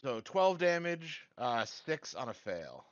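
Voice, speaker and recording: A man's voice: mid-range voice, sing-song, slow, no echo. A man playing a tabletop game, eager and swearing casually as he declares his moves. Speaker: player. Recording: slightly muffled lo-fi audio.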